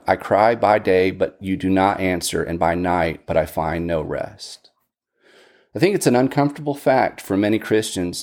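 A man's voice: on the low side, vocal fry, darkish tone. A man teaching a Bible study lesson in an earnest way, often restarting and repeating words.

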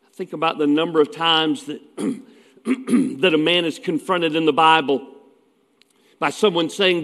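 A man's voice: fairly high pitch, a little slow, long pauses, a bit bright, long reverb tail. A man preaching a sermon as pastor, telling stories in a folksy way with asides.

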